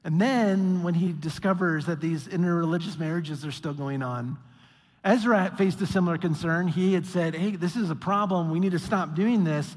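A man preaching a sermon, acting out quotes with mock voices in an animated way. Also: sits high, normal speed. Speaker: pastor. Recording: long hall reverb.

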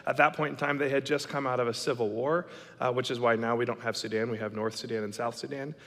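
A man in his thirties telling a story to an audience, animated and dramatic, acting out the lines of the people in it. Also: medium pitch, fast talker, creaky. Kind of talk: storytelling talk. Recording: long reverb of a hall.

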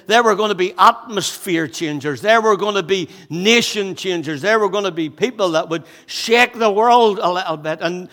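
A man's voice: high-pitched, normal speed, hardly any pauses, fairly bright tone, long reverb tail. A man preaching a sermon with energy and a chatty way of talking, slightly out of breath, with jokes and asides to the congregation. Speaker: pastor.

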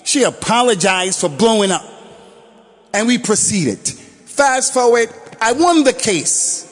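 Guy preaching friday sermon, high voice, animated storytelling, shouts sometimes, long echo in the mosque hall. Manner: animated storytelling, shouted exhortations, quick Quran recitation. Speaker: imam giving Friday sermon.

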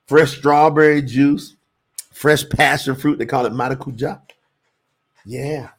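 A man from the United States hosting a livestream, teaching Hebrew scripture and answering the chat, with stretched-out emphasis. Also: mid-range voice. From USA. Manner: animated, drawn-out emphasis, addresses chat as y'all.

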